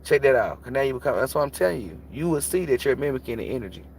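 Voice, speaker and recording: A man's voice: mid-range voice, lively intonation, racing, a little mellow, a little hiss or hum. Blunt, profane man preaching on a livestream. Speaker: tarot reader. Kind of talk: casual livestream talk.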